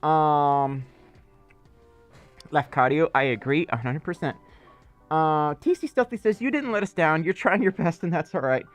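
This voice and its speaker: A man's voice: a little high, unhurried, pauses often, soft background music. A man hosting a casual livestream, chatting loosely and reading viewer messages aloud, with many fillers and asides. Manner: rambling and chatty, with filler words. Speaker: livestream host.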